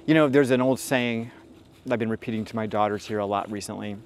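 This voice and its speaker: A man's voice: on the low side, fairly quick, a little hiss or hum. A middle-aged man giving dating advice as a host, telling stories in a casual, rambling way with frank, profane asides and many fillers. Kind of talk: casual storytelling monologue.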